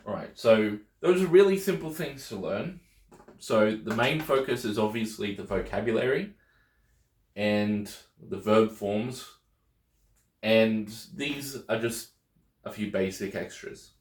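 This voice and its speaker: A man with a fairly low voice teaches a video lesson at an unhurried pace. He explains patiently and keeps checking that listeners follow. The sound carries a noticeable room echo. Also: animated, darkish tone. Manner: patient, repeats with checks of "okay?". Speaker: Greek teacher.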